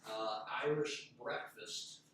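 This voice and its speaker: American guy hosting a snack tasting, reads out labels, boomy echoey room, mic kinda far off. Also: slow, fairly bright tone. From United States. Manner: upbeat, reads product names aloud. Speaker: show host. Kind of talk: casual group snack chat. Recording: echoey room, distant mic, faint noise.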